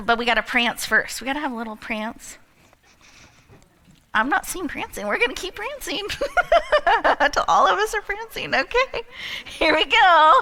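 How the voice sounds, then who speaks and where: Her voice sits high against a noisy background as she emcees a live event. Animated and quick to laugh, she leads the crowd through a playful, laughter-filled story.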